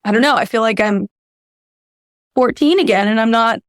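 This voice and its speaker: A woman's voice: on the high side, normal speed, clear, resonant tone, no echo. A woman voice teacher as a podcast guest, speaking in a reflective, self-deprecating way. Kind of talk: candid podcast conversation.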